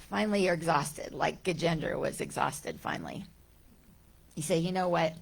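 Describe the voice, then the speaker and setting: A woman's voice: sits low, sing-song, normal speed, creaky. A woman giving a conversational spiritual talk to a congregation, often voicing everyday thoughts aloud and repeating key phrases. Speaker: guest speaker. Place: church sanctuary.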